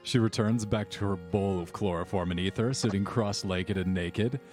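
A man running a tabletop game as game master, narrating scenes in a measured, descriptive way with slow dramatic pauses. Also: low voice, a little mellow, soft background music.

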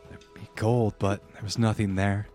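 A man's voice: lowish voice, flat delivery, normal speed, darkish tone, soft background music, natural voice. A man voicing an exhausted, frightened woman worker who has fled a desert camp and curses bitterly as she talks. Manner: curses angrily, breathless and defensive.

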